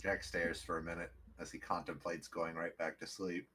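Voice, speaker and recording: A man's voice: low voice, flat delivery, moderate pace, bright, forceful tone, slight background noise. A man playing a tabletop game, laid-back and a little hesitant as he speaks for his character. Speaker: player. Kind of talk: casual tabletop role-play.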